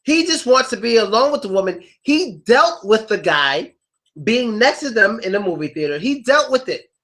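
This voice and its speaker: A man teaching English idioms to a live class in a joking, animated way, acting out quotes in loud, high voices. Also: normal speed.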